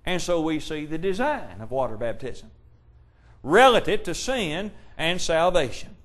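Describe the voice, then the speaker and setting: High-voiced emphatic male preacher. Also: sing-song, a little slow, a bit bright. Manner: emphatic, asks rhetorical questions; quotes scripture in old-fashioned wording. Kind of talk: sermon.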